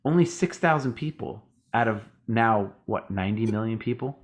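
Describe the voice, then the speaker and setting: Tired american dude on a podcast, rambling and ranting, swears a lot, does little voices for other people. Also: male voice, fairly low pitch, animated, normal speed. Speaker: podcast co-host. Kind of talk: casual chat.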